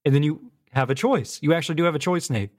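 A man's voice: a little high, quick pace. An easygoing man co-hosting a casual chat, recapping plots with fillers like "like" and "um".

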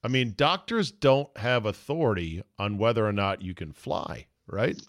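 A man hosting a casual radio chat, asking quick blunt questions and joking. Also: lowish voice, lively intonation, no room sound, clean studio sound. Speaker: radio host.

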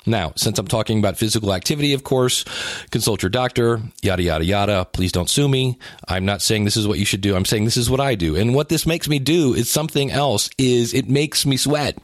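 In a clean studio recording with no echo, a man with a lowish voice talks fast and with lively intonation about exercise and weight loss. His casual monologue is full of joking, self-deprecating asides, and he restarts his sentences often.

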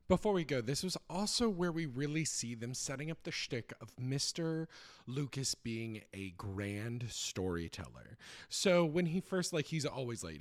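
A man casually recapping a sitcom episode, rambling with fillers and restarts and getting animated when he retells jokes. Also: mid-range voice.

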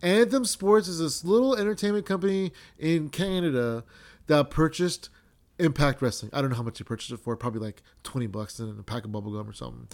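Fairly high-voiced man ranting on a podcast. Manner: animated, swearing, lots of fillers and restarts. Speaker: wrestling podcast host. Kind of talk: casual podcast rant.

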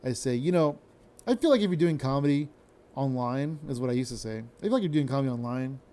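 A young adult man, a stand-up comedian, rambles casually on his solo podcast, slurring his words and swearing freely. His voice is mellow and medium in pitch.

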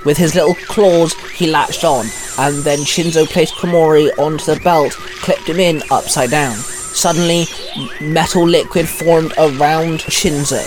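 Man reading a story aloud, slightly high voice. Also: unhurried, crowd noise. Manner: steady reading with small restarts.

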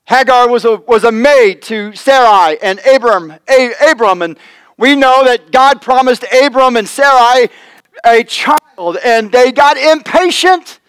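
High-voiced male pastor preaching earnestly. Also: measured pace, a bit bright, clear, resonant tone, no echo, low-quality recording. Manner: earnest preaching, acting out quoted voices, swells and drops in volume. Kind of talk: sermon. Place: church sanctuary.

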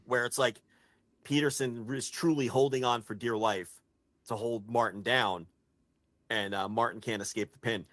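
Excitable man arguing his case, dry close mic. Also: medium pitch, moderate pace, dry recording. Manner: excitable, swears freely, builds an argument point by point. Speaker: podcast co-host. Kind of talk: casual chat.

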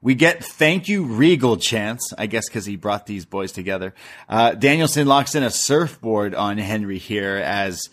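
A man with a fairly low voice talks through a wrestling show in loose, rambling podcast chat. He laughs often and slips into retelling what people said. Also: animated, a little slow, a bit bright. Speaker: podcast co-host. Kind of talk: casual wrestling recap chat.

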